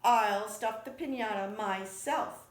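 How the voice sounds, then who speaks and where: A woman's voice: mid-range voice, slow pace, lightly acted. A woman voicing a fussy, hard-working female iguana in a storybook reading, with a bossy, exasperated manner. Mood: insistent. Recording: echoey room.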